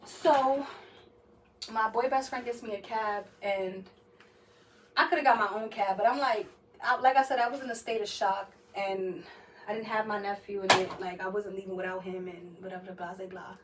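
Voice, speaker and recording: A woman's voice: mid-range voice, fairly even intonation, moderate pace, recorded from a distance. Slangy young woman telling a story. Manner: slangy, filler-heavy, swears freely. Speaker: podcast host. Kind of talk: casual storytelling. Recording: slightly off-mic with faint noise.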